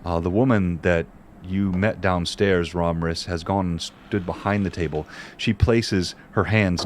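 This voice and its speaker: A man narrating a tabletop game as game master, in a measured, descriptive way. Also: deep voice, a little hiss or hum.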